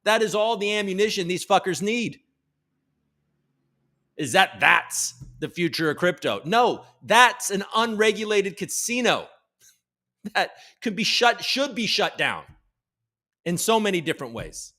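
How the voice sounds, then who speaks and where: Profane, rambling crypto-show host. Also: male voice, sits high, unhurried, pauses often. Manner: profane, rambling, animated rant with mocking voices. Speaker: livestream host. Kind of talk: ranting live crypto show.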